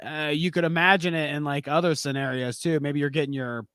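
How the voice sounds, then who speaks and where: A man's voice: fairly high pitch, steady tone, fairly quick, a bit bright, clean tone, no echo, studio quality. A man hosting a casual reaction stream, retelling a clip with laughs and acted-out quotes. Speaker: podcast host.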